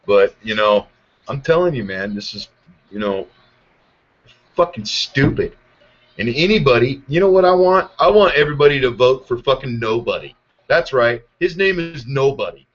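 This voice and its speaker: A podcast host with an animated mid-range voice, speaking at normal speed, unloads a profane political rant packed with anger, sarcasm, and heavy swearing. The sound is muffled and lo-fi.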